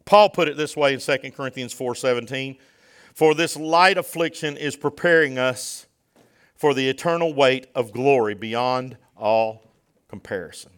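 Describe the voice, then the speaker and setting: A man's voice: medium pitch, moderate pace, smooth. A man, preaching a sermon as pastor, building to fervent peaks and asking the congregation direct questions. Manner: fervent preaching, rising to a near-shout at climaxes.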